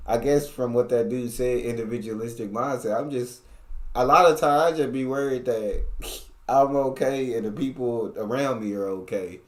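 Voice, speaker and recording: A man's voice: medium pitch, moderate pace. An American man hosting a reaction video, talking in a casual, agreeable way and laughing often. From United States. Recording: echoey room.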